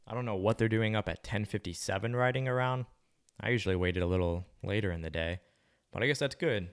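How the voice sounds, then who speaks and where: A young man with a very deep voice talks in a loose, rambling monologue. He muses aloud in a laid-back, slangy manner and swears casually as he drifts from thought to thought. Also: fast talker, clean tone.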